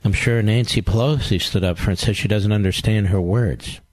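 A man's voice: fairly low pitch, fairly quick, darkish tone, soft background music. A man hosting a political talk show, delivering a combative, sarcastic monologue full of rhetorical questions and repetition.

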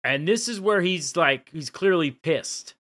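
A man's voice: a little high, animated, unhurried, fairly bright tone. A man co-hosting a podcast, casually recapping scenes and dropping the odd swear. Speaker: podcast co-host.

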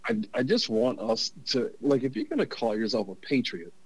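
A man in casual conversation, halting and measured, restarting his sentences often. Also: mid-range voice, big pitch swings, breathy edge, no echo, low-quality recording.

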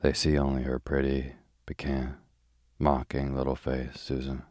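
A wry, gentle middle-aged doctor's wife, read by a man in a slow bedtime audiobook. The voice is extremely deep with almost no melody. It sounds close and dry. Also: monotone, no room sound. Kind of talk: sleepy bedtime audiobook reading.

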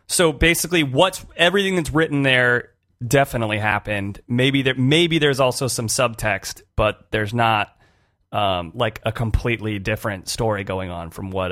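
A man's voice: on the low side, lively intonation, normal speed, a bit bright, no room sound. Casual man asking questions, dry sound. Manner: informal, filler-heavy, restating to check understanding. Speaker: podcast host. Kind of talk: casual interview chat.

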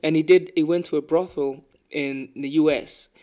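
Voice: medium pitch, fairly even intonation, normal speed, dark tone. A podcast host in casual chat who listens closely and answers with many short agreements.

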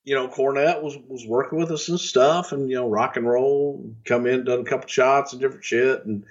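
A man's voice: medium pitch, steady tone, fairly quick, dull audio. Profane middle-aged man telling stories. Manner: profane, rambling, laughs through anecdotes. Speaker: podcast co-host, former wrestling executive. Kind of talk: casual storytelling.

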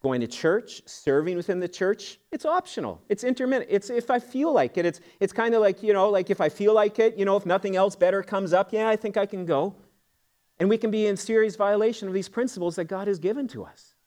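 A middle-aged pastor delivering a sermon in a church sanctuary. His voice sits high for a man, and he preaches earnestly and emphatically, mixing in homely jokes and friendly asides. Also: brisk, a little mellow.

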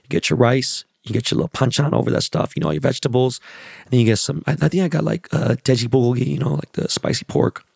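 Hoarse, gravelly-voiced male podcast host. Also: mid-range voice, fast, no echo, studio quality. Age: middle-aged. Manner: loose, profane, hyped plugs and shout-outs. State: hoarse, losing his voice. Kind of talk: casual solo podcast chat.

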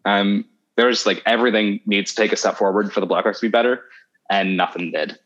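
A man's voice: lowish voice, steady tone, a little fast, fairly bright tone. A man co-hosting a podcast in casual chat, hesitant with many ums and restarts. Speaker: podcast co-host. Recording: slightly dull lo-fi audio.

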